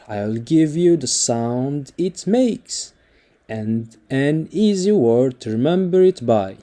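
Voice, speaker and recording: Slow, dark-voiced male alphabet teacher. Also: mid-range voice, very animated, faint music behind. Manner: slow, deliberate spelling-out of each letter with example words. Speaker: language teacher. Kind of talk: scripted narration.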